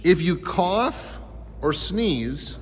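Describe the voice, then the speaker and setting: A man's voice: high voice, animated, very slow, a crowd in the background. A man teaching a life skills class to youths, talking with energy and quizzing the kids with questions. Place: school gym. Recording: echoey gym hall.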